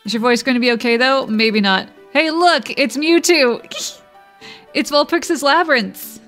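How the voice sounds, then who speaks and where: A woman's voice: sits high, a little slow, fairly bright tone, faint music behind. A woman streamer chatting and giggling with viewers while reading game text aloud during a let's-play livestream.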